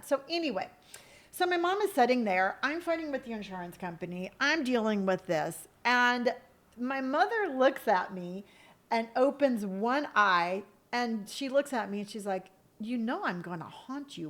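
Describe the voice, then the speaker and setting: Profane, animated middle-aged woman storyteller. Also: fairly high pitch. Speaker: streamer host. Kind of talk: casual live-stream storytelling.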